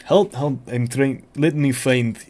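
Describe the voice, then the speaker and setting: A man talks casually over his gameplay in a joking, offhand way. His pitch sits in the middle of the male range. He keeps an easy, playful tone as he reacts. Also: slow, a little mellow. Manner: playful and jokey, talking over the game. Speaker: gaming streamer. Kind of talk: casual let's-play commentary.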